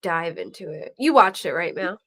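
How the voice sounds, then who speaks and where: Hosting a true crime talk show, a middle-aged woman speaks at normal speed in a fairly low pitch. Her chat is casual, and as an animated storyteller she acts out the quoted voices of the people she describes.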